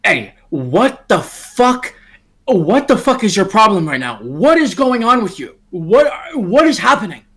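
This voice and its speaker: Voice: mid-range voice, big pitch swings, measured pace, a bit bright. Player voicing a blunt man, swearing, pushy questions, everyday voice. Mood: angry. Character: blunt, short-tempered man, the friend called Billy.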